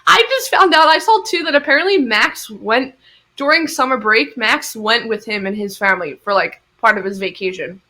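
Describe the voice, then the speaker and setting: A young woman with a bright, fairly high voice, co-hosting a casual chat. She tells stories in a lively way and laughs often. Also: normal speed. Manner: animated storytelling with frequent laughs. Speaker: podcast co-host.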